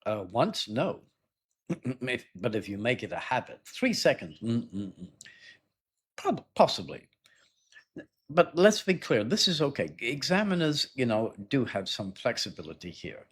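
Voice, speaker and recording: Husky, very animated and unhurried, his medium-pitched voice carries a live IELTS speaking lesson. The middle-aged teacher stays chatty, asks "yeah?" and "right?", and acts out sample dialogues loudly.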